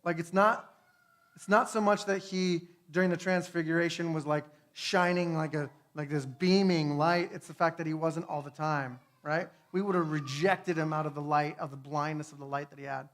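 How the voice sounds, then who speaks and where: A man giving a conversational testimony sermon, earnest, swinging between hushed and fervent, with frequent tag questions. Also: fairly high pitch, fairly even intonation, normal speed. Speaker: speaker.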